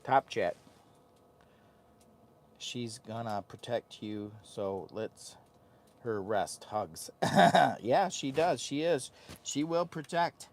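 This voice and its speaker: A man's voice: mid-range voice, drawn-out words, pauses often. A man hosting a casual camping vlog from inside a heated tent. He talks in a goofy, rambling, hyped-up way into a phone camera. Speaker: vlogger host.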